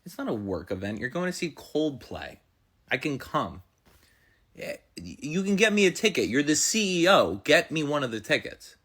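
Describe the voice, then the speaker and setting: A man's voice: fairly high pitch, sing-song, normal speed, a bit bright. A man playing a whiny, clingy wife who pleads with her husband in a comedy sketch.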